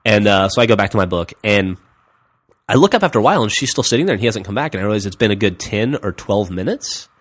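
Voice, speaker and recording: Low-voiced man telling a rambling story. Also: quick pace. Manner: rambling, deadpan, drops low and quiet for quoted lines. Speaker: podcast host. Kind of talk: casual storytelling chat.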